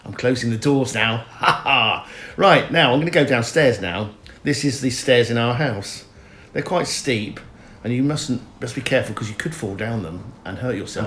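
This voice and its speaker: A man's voice: mid-range voice, slight background noise. A middle-aged man giving a rambling, mock-earnest comic voice-over and chatting straight to the viewers. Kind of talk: deadpan comic narration. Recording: roomy sound with faint music.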